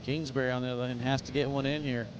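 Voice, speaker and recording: A man's voice: mid-range voice, flat delivery, racing, highs cut off, noisy background. A man doing live play-by-play commentary, chatty and joking between calls. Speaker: sports commentator.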